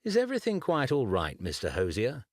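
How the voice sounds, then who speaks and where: A man voicing a composed, inquisitive gentleman magician who asks crisp, probing questions. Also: mid-range voice, wildly swooping pitch, a little fast, dry recording, clean studio sound, voice pushed up.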